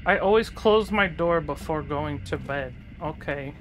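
Slow, jumpy horror-game commentator. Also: mid-range voice, a bit bright, slight background noise. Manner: jumpy, nervous chatter that rises into panicked yelps. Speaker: gaming channel host.

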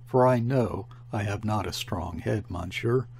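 A man reading a classic short story aloud as an audiobook narrator, in a measured storytelling manner. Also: lowish voice, gravelly, a little mellow. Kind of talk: scripted narration.

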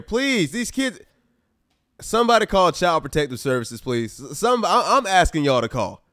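A man's voice: sits high, moderate pace, dry recording, studio quality. A man doing casual let's-play commentary on a life-simulation game, exasperated and talking straight to his viewers. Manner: animated, exasperated, talks to viewers as y'all. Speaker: gaming YouTuber.

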